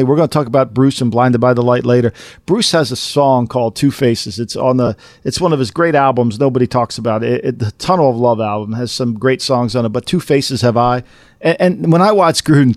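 A man co-hosting a casual sports podcast, talking animatedly and jumping up to incredulous highs. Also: darkish tone, dry recording, clean studio sound. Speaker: podcast co-host.

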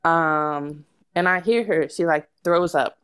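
A woman's voice: sits low, slow, smooth. A woman guest telling a long story in casual podcast chat, laughing often and acting out what people said. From United States. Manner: animated, laughs often, acts out quotes.

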